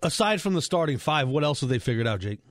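A man's voice: a little high, big pitch swings, fast, no room sound. Sports radio host man, dry studio. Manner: playful, sarcastic banter. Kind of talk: sports talk radio hosting.

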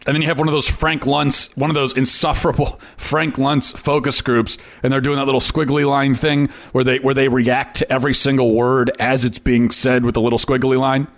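A man's voice: mid-range voice, flat delivery, a little fast, few pauses. A man hosting an opinion commentary show, talking emphatically and often repeating words for effect. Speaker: host.

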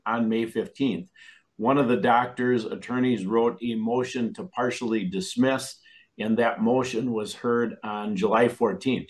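Measured man recounting events on a video call. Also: fairly low pitch, poor audio. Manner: measured, methodical, lists dates and facts. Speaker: guest on a talk show. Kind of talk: interview recounting a lawsuit.

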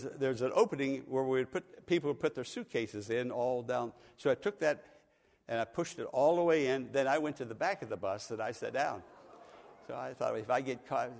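A man's voice: mid-range voice, gravelly. Older preacher man in a reverberant hall. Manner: folksy, chuckles through his stories. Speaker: pastor. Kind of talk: storytelling sermon.

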